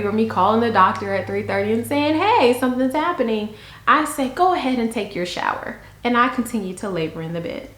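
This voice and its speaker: A young woman telling a story to camera in a chatty, frank, animated way. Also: a little high, fairly quick, reverberant. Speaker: vlogger.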